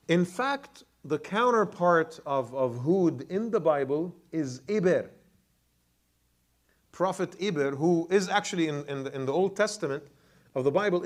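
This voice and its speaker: A man, an imam, teaching Quran commentary to a class, asking them questions and often repeating words as he goes. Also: fairly high pitch. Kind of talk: classroom lecture with questions to the audience.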